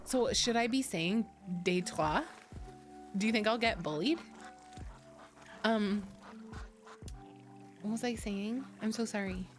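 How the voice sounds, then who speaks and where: A woman's voice: medium pitch, slow pace, long pauses. A young woman chats with her stream audience, blunt and loose with her swearing. She laughs easily and answers chat as she goes. Faint music plays underneath. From Ontario, Canada. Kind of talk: casual chat.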